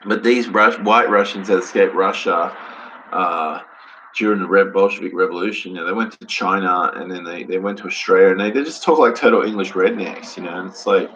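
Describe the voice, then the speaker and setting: Low-voiced rambling man vlogging. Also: a little fast, a bit bright, highs cut off, slight background noise. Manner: rambling, jumps between ideas, frequent "you know" and restarts. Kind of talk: rambling solo monologue. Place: lives in Australia.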